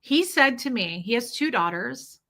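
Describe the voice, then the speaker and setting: A woman's voice: a little high, expressive, unhurried, sharp tone. A middle-aged woman talking openly and candidly about her own life, now and then acting out the voices of people in her stories. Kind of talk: candid personal storytelling.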